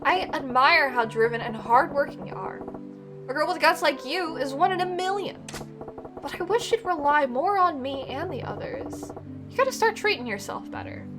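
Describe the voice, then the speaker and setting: A woman's voice: high voice, expressive, moderate pace, over music, voice pushed up. A woman reading the lines of a brash, protective male yakuza boss in a blunt, scolding, streetwise way. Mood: gruff, caring.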